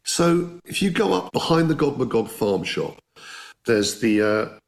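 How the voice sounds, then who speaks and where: A man's voice: mid-range voice, big pitch swings, a little slow, vocal fry. A man telling anecdotes as an interview guest, enthusiastic and conversational, often restarting his sentences. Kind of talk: anecdotal storytelling.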